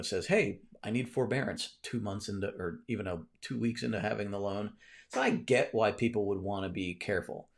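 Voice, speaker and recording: Answering viewer comments on a casual live stream, a man with a fairly low pitch rambles with many restarts, broadcasting from a cluttered room in his home.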